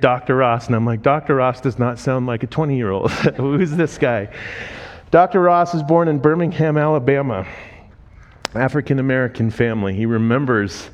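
A man preaching through personal stories in a conversational way, quoting the people in them. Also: medium pitch. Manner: emotional, voice rising and breaking when moved; conversational, quotes people in lively voices. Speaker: speaker telling ministry stories. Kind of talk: sermon storytelling.

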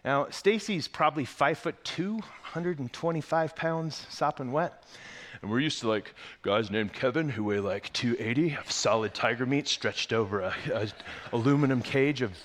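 A male pastor in the middle of a sermon, talking in a middle-pitched voice that swings up and down as he tells a story against himself. He jumps between quiet asides and loud punchlines, keeping it casual and funny before settling into teaching. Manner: lively self-mocking storyteller, quick asides.

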